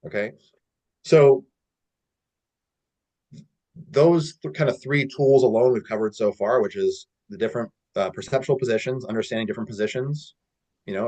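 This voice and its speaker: A man coaching on a casual call, telling stories with a relaxed manner and lots of "like" and "you know". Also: on the low side. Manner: relaxed storytelling with many fillers. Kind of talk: casual teaching talk.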